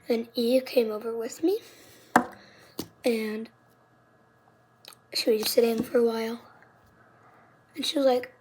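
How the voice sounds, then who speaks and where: A fifth-grade girl tells her story in a quick, dramatic vlog voice, dropping into whispered asides now and then. Her voice sits high, and a faint hiss runs under the recording. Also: fairly even intonation, a little mellow. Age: child, fifth grader. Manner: chatty, dramatic retelling with many "like"s. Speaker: vlogger.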